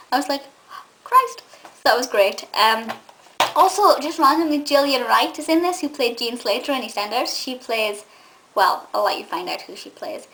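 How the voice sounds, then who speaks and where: A woman's voice: on the high side, fairly bright tone, low-quality recording. Chatty Scottish woman reviewing a film. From Scotland. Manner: gushing, chatty, many fillers and restarts. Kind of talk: casual film review monologue.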